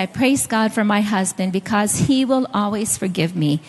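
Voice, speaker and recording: A middle-aged woman preaches a sermon in a big, echoing room, her voice medium in pitch and her pace moderate. She tells stories and speaks straight to the congregation.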